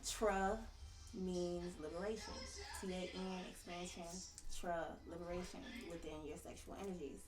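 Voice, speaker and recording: A woman's voice: fairly low pitch, fairly even intonation, normal speed, far from the mic, over music. A woman speaking as a podcast guest on tantric sex, explaining with conviction and loose slang in casual conversation. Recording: roomy, a little off-mic.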